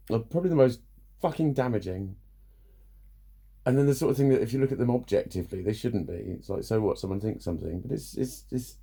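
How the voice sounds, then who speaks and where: Sweary man, mellow voice. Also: medium pitch, vocal fry, slightly rough. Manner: blunt, sweary, frequent laughs. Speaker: vlogger. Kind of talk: casual rant to camera.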